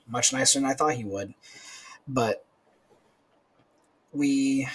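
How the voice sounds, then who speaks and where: Husky laughing storyteller man. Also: mid-range voice, slow, rough recording. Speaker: podcast co-host, corrections officer. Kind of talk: casual storytelling chat.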